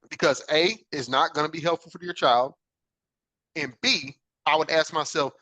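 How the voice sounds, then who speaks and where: Bright-voiced man telling a personal story. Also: on the high side, moderate pace, dry recording, rough recording. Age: adult father. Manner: earnest, reflective, frequent "right?" check-ins. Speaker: podcast host.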